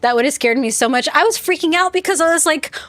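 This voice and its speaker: A woman's voice: high voice, fast, a bit bright, no echo. A woman streaming a game live, telling a rambling story in casual chat and talking back to her viewers. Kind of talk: casual chat while playing.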